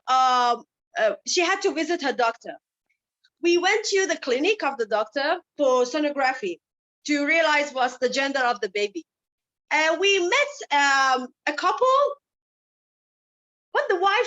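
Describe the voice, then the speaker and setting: A woman with a high, bright voice gives an impassioned personal storytelling speech at a summit, asking many rhetorical questions. The recording sounds dull and lo-fi.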